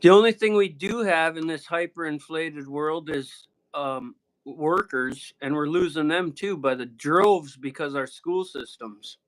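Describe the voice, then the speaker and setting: A man's voice: a little high, a little slow, hardly any pauses, low-quality recording. A man from Michigan with an Upper Midwest American accent, chatting casually in a blunt, profane, joking way. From Michigan, USA. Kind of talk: casual chat.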